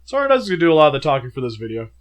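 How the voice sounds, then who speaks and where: A man's voice: fairly high pitch, wildly swooping pitch, very fast. A man co-hosting a casual movie review chat, recovering from a sickness with a worn voice and chewing gum as he jokes. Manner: chewing gum while talking, joking banter. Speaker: co-host of a movie review show.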